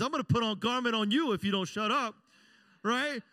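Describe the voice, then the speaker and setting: A man's voice: very high voice, a little fast, pushed and bright, clear, resonant tone, no echo. A middle-aged pastor, preaching conversationally and asking his congregation "amen?". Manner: conversational preaching, frequent call-and-response "amen?". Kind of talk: sermon.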